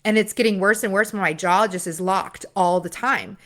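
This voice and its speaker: A woman's voice: medium pitch, normal speed. Woman business coach, own voice, casual confessional vlog delivery, loose and rambling. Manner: candid, rambling, with filler and retold dialogue.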